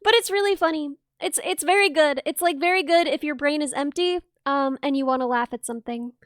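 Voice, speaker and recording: A woman's voice: high-pitched, a little fast, no echo, clean studio sound. A young adult woman streaming casually, chatting with her viewers, gasping and squealing at messages and rambling through asides. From not Australian. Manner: excitable, gasps and squeals at chat, rambling asides. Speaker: VTuber streamer. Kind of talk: casual stream chat reading chat.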